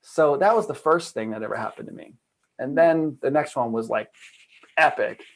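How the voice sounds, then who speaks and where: A man's voice: medium pitch, moderate pace, low-quality recording. Casual guy on a video call, tells his story with lots of "like", acts out everyone's lines. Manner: animated storyteller, acts out quoted voices, many "like" fillers. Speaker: guest, trauma and addiction coach. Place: home room at a computer.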